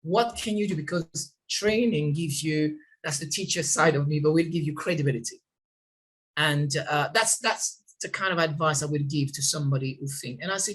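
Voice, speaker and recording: A middle-aged man from Guadeloupe with a French accent touched by British vowels, talking haltingly as an interview guest and laughing often. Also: a little high, fairly bright tone. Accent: French with British tinge. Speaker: restaurant owner guest. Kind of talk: casual interview talk.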